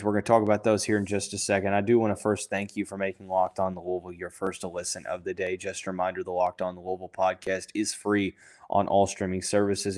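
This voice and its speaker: A young man with a somewhat low voice hosts a podcast, talking through the numbers in a loose, unscripted way. He stops and restarts a lot and fills the gaps with fillers, and he has the hiccups. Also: darkish tone. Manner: thinking aloud with many fillers and restarts. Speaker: podcast host. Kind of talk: casual sports commentary.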